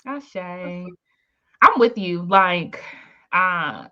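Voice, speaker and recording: A woman hosting a live webinar with lively energy, calling out chat names and welcoming everyone in. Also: on the low side, very slow, muffled recording. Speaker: webinar host. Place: home, in Maryland.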